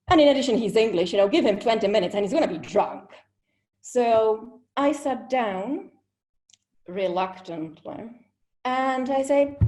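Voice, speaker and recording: Woman storyteller, slightly high voice, unhurried, animated, dramatic pauses, video call. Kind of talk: personal storytelling performance.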